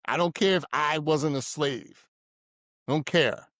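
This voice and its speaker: A man's voice: on the high side, a little slow, fairly bright tone, dry recording, clean studio sound. A man hosting a podcast discussion, ranting in a heated, profane way. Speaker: podcast host.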